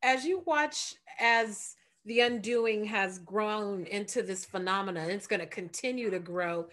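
A woman's voice: medium pitch, a little slow, fairly bright tone. Chatty American woman hosting an interview. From United States. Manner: casual, chatty and effusive with praise. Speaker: interview host. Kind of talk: interview conversation.

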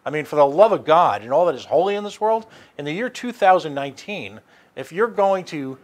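A man hosting a radio talk show, speaking animatedly with many restarts and sarcastic asides. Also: a little high. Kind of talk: casual political talk.

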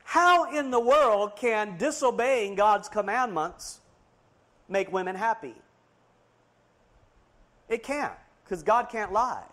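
A man with a high, ringing voice preaches a fiery sermon. He swings from loud, emphatic declarations down to hushed asides. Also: expressive, slow pace, pauses often.

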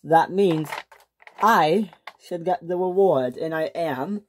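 A woman voicing a boastful, excitable young male toy tank engine in a homemade storybook tale. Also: fairly low pitch, slow pace, slight background noise. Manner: excitable, bragging, stammers when thrilled.

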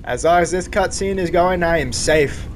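A man giving casual, excitable commentary while playing a video game, yelping and talking back to enemies. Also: fairly high pitch, normal speed, a little hiss or hum. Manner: excitable, yelps and talks to enemies. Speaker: gaming channel host.

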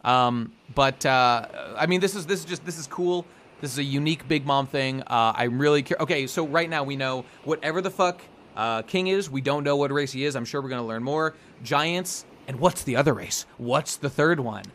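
A medium-pitched man with a fairly bright tone talks at normal speed over slight background noise. As a podcast co-host in casual chat, he rambles and swears while recapping a story and acting out characters' lines.

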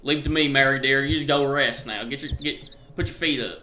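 A man's voice: medium pitch, fairly even intonation, fairly quick, pushed and bright, reverberant, a little hiss or hum, natural voice. A man voicing a doting husband in a game, speaking in a Southern American accent with sweet, drawling endearments. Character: doting Southern husband calling for his wife.

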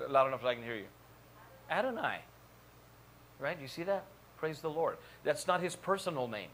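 A man's voice: medium pitch, a bit bright. A male pastor preaching a sermon in a church, building to repeated calls and questioning the congregation. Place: church sanctuary.

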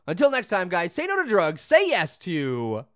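Excitable young man with a bouncy voice. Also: high-pitched, normal speed. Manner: goofy, excitable, yelling and laughing at the game. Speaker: gaming channel host. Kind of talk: let's play commentary. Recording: game music loud behind the voice. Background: video game music and vehicle sounds.

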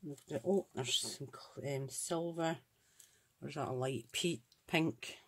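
A Scottish woman with a low, slightly rough voice talks slowly on her crafts channel. Casually unboxing craft supplies, she looks them over while thinking aloud and gushing with admiration.

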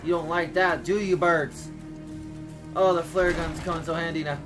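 A young man giving casual, excitable gameplay commentary, talking to himself and yelping and shouting at enemies. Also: fairly high pitch, moderate pace, music in the background. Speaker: gaming YouTuber.

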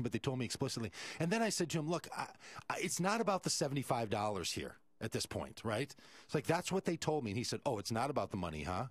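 A man's voice: mid-range voice, very animated, quick pace, dry recording. A male radio host, telling a story animatedly and acting out the quoted voices.

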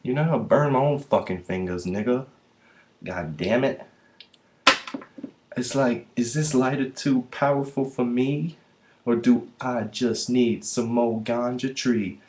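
A man's voice: medium pitch, steady tone, measured pace, background noise. A man vlogging in a rambling, profane, slangy way. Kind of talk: rambling casual monologue to camera.

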